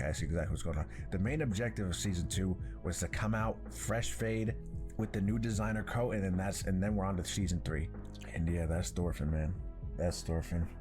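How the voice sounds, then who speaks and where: This man's voice sits very low, and he keeps his talk loose, slangy and profane as he reacts to an anime. His delivery is animated and he breaks into laughs often. Faint music plays underneath him. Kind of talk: casual reaction commentary.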